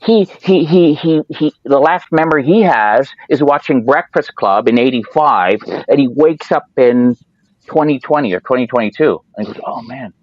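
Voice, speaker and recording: A man's voice: medium pitch, expressive, normal speed, no room sound. Rambling man with dull lo-fi sound. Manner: rambling storyteller, acts out quoted voices. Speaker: podcast host. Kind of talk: casual chat.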